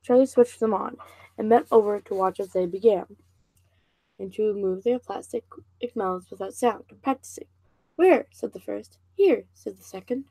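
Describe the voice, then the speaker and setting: A woman's voice: medium pitch, fairly even intonation, moderate pace, vocal fry, warm tone, dry recording, rough recording. A woman casually reading a novel aloud, stumbling and restarting over words now and then. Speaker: reader and channel host.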